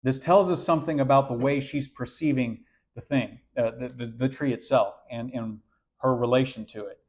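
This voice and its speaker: A man preaching an animated sermon to young people, often repeating words as he goes. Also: mid-range voice, normal speed.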